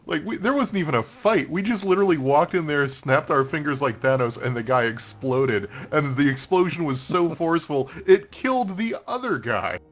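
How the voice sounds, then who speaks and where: A man co-hosting casual gaming commentary, animated and wry. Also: fairly high pitch, normal speed, few pauses. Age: adult. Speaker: co-host.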